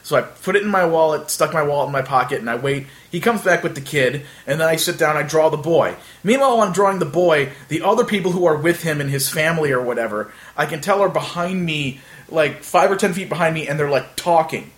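A man's voice: on the high side, fast. Rambling man telling a story. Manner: rambling with many fillers, animated retelling. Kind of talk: casual storytelling chat.

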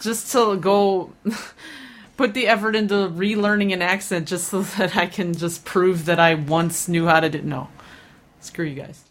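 A woman co-hosting a podcast in casual chat, laid-back and dryly dismissive in banter. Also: lowish voice. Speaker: podcast co-host.

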